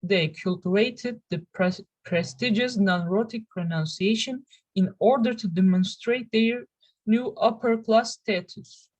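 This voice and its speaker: Young woman, Turkish native speaker, student presenter; slow, careful, stop-start delivery. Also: mid-range voice, a little mellow, poor audio. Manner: careful, halting delivery with restarts. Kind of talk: reading a class presentation.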